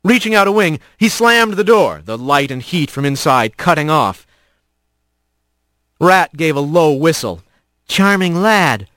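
A man reads a storybook aloud with a lively, rising-and-falling delivery. His voice sits a touch above the usual for a man, and the recording is close and dry. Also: fairly high pitch, a little slow, dry recording. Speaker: narrator. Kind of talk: scripted narration.

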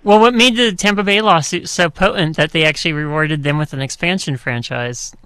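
A man's voice: a little high, fairly quick, pushed and bright, clean tone, no echo. A man hosting an interview, putting direct, conversational questions to his guest. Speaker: host. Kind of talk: radio interview.

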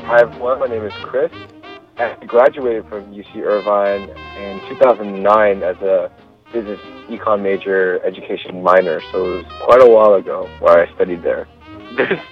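A man in his thirties telling a personal story casually, with relaxed fillers, restarts and laughs. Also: fairly low pitch, moderate pace, highs cut off, soft background music. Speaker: storyteller guest.

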